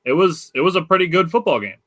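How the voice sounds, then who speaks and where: A man's voice: high-pitched, expressive, fast, fairly bright tone, no room sound. A man with a Wisconsin accent hosting a casual sports podcast, talking loosely with lots of fillers. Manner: loose, filler-heavy, enthusiastic. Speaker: podcast host.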